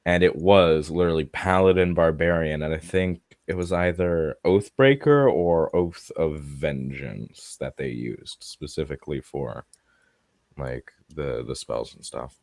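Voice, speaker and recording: Very deep-voiced young man, slow. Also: darkish tone, no room sound, studio quality. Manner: halting, swears casually. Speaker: tabletop game player. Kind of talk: casual gaming chat.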